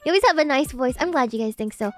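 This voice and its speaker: A woman's voice: high voice, animated, very fast. A woman streamer chatting casually with her live chat, reading messages and thanking viewers. She talks in a posh, slightly uppity-sounding English and giggles often. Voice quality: formerly very nasal, now loosened.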